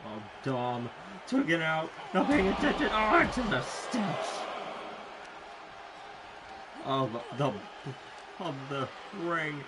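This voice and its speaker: A man calls a wrestling match in an amateur play-by-play style, his voice pitched a little high and his delivery slow and drawn out. He breaks into excited shouts and curses at big moments. Loud game audio plays steadily under him. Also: a loud crowd, very noisy. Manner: swears and shouts in sudden excitement; slow, drawn-out calling between bursts.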